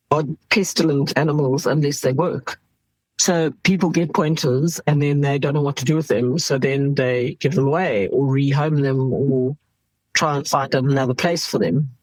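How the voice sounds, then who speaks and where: Middle-aged South African woman, ER doctor guest; husky, candid, animated storyteller, dry close sound. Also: low-pitched, no echo, rough recording. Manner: animated, laughs while telling stories.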